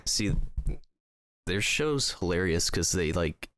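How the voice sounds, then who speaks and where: Low-voiced guy on a podcast, rambly storyteller, lots of likes and ums, dry close mic. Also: expressive, slow, fairly bright tone, no echo. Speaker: podcast co-host. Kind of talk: casual chat.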